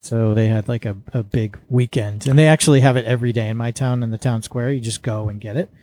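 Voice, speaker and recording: A man co-hosting a podcast, explaining things quickly and earnestly in casual chat. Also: medium pitch, steady tone, dark tone. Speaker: podcast co-host.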